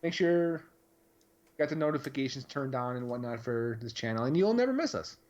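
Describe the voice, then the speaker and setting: A man's voice: medium pitch, animated, normal speed, darkish tone, highs cut off, a little hiss or hum. A man co-hosting a live stream, talking in a rambling, casual way with plenty of fillers. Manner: rambling, conversational, lots of fillers. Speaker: podcast co-host.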